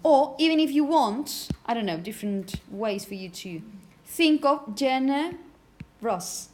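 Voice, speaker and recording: Lady teaching a class how to say words, highish voice, keeps asking okay?, bit of background hiss. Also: expressive, a little mellow. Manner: repeats words slowly to model pronunciation; asks "okay?" often to check understanding. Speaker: phonetics teacher. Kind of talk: classroom lecture.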